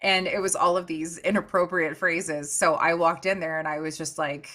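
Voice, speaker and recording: A woman's voice: fairly low pitch, normal speed. A woman podcast host in a casual chat, telling stories with lots of quoted voices. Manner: animated storyteller, jumps into quoted voices.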